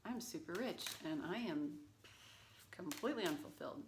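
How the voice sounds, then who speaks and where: A woman's voice: lowish voice, expressive, normal speed, background noise. A woman giving a casual tarot reading, chatty and rambling, with plenty of fillers and asides. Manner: talks baby talk to her cat. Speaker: tarot reader.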